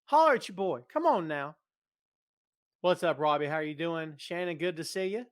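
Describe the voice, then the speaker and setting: In a casual live-stream chat from a large empty building, a middle-aged podcast host teases viewers he greets by name before making a serious, heartfelt appeal. His expressive voice is on the high side at normal speed, recorded cleanly like a studio with no echo through a microphone placed before a camera.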